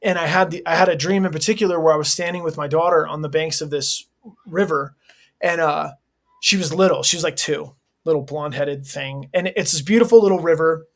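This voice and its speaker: A man's voice: on the high side, a little fast, a bit bright. Laid-back earnest man with slangy speech. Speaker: hardcore band vocalist, interview guest. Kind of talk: candid casual interview talk.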